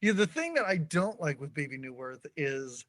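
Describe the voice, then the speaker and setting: A man who is a college professor, chatting casually on a podcast in an animated, mock-outraged way. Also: a little high, normal speed, no room sound. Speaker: guest podcast host.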